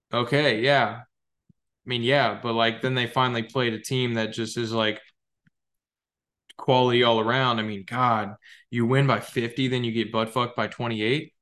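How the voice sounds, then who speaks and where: A young man hosts a podcast and talks casually about his fantasy football league, rambling, excitable and profane. His voice is medium-pitched and moves at a moderate pace.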